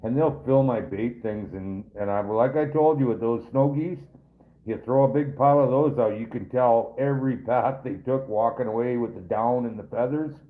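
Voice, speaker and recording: A man with a medium-pitched voice speaks at a moderate pace while hosting a casual live stream as a trapper. He chats with viewers in a rambling, folksy, joking way. The audio sounds tinny, like a phone.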